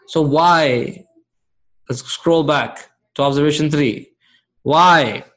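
A man's voice: a little high, slow, a bit bright. A man teaching Arabic grammar to a live class, patient, often checking whether students follow.

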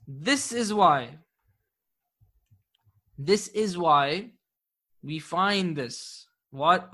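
A man teaching an Arabic grammar class, patiently quizzing his students, praising their answers and slowing down to spell out key terms. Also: high-pitched, bright, forceful tone. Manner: slows down to dictate key terms.

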